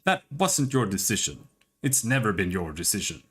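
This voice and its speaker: A man voicing a haunted young male wizard, recounting in a quiet, measured way. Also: fairly low pitch, big pitch swings, slightly rough, heavily acted.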